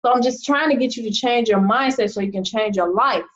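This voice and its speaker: A woman's voice: a little high, brisk, a bit bright, muffled recording. Fired-up woman coaching her team. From United States. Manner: emphatic, fired-up, rhetorical questions, laughs in disbelief. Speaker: team leader and business coach. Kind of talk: motivational talk to an online group.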